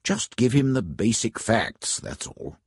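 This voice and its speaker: A man voicing a reserved, weary older lord in a measured, awkward manner in a storybook reading. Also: medium pitch, big pitch swings, husky, no room sound, studio quality, heavily acted.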